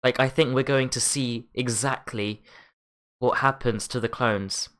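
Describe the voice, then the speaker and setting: A man with a New Zealand accent talks through a casual chat. He is relaxed and chatty, often restarting and filling pauses as he thinks aloud. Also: medium pitch.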